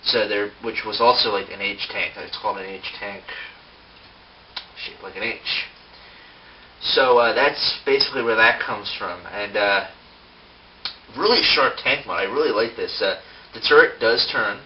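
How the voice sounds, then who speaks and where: A man's voice: on the low side, measured pace, pauses often. A man giving a casual, unscripted toy review, rambling with lots of fillers and self-mocking asides. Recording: distant mic, dull sound, faint hiss.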